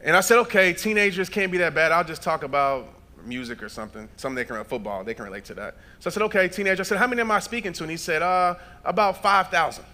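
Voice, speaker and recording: A man in his thirties delivering a motivational keynote into a handheld stage mic. His voice sits high for a man and rings bright and forceful. He tells stories in acted-out dialogue, then rises to shouted, preacher-like peaks. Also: expressive, fast, few pauses. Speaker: motivational speaker. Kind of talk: keynote speech. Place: large event hall.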